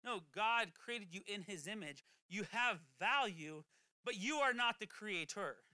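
Chatty preacher talking casual, bright and crisp voice, dry close sound. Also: medium pitch, animated, measured pace, no room sound. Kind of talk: conversational sermon.

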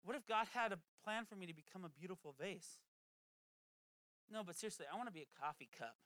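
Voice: mid-range voice, animated, quick pace, fairly bright tone, dry recording. A preacher giving a casual, chatty sermon that keeps slipping into quoted voices. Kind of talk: conversational sermon.

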